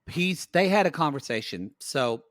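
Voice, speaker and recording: A man co-hosting a podcast, casually chatting and recapping a reality show with playful, animated asides. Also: normal speed. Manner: animated, playful, bursts into loud high mock cries. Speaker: podcast co-host.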